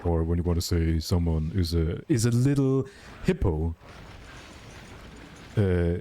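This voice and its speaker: A man's voice: low voice, expressive, unhurried, mellow, slight background noise. A man from Germany with a light German accent, rambling candidly in casual chat as a streamer.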